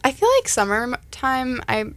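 A young adult woman co-hosting a casual chat, relaxed and quick to laugh, with hesitant fillers. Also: fairly high pitch.

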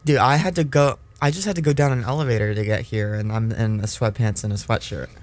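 A man's voice: fairly low pitch, fairly even intonation, fast, a little mellow. A young man co-hosting a radio show, answering in short, laid-back remarks. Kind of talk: casual on-air chat.

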